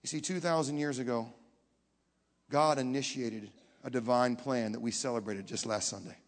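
A man preaching a sermon, telling a story with dramatic swings from hushed to loud and putting questions straight to the audience. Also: medium pitch, fairly even intonation, normal speed. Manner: talks directly to the audience with questions. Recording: long hall reverb.

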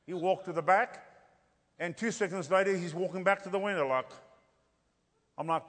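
A man's voice: sits high, normal speed, fairly bright tone. A middle-aged man preaching with humour, telling stories and acting out the dialogue. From South Africa. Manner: playful, acts out dialogue, rhetorical "Hello?" asides. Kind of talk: humorous storytelling sermon. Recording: long hall reverb.

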